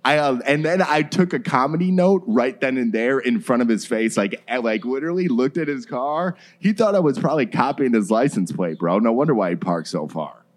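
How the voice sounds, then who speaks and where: A man's voice: medium pitch, lively intonation, brisk, few pauses. A man riffing in casual comic banter, heavy on slang like "bro" and "dude". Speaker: comedian.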